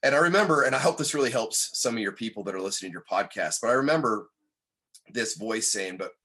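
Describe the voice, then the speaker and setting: A man appears as a guest on a podcast, telling a personal story in an earnest, candid way. His medium-pitched voice has a breathy edge and moves quickly, turning animated whenever he quotes others.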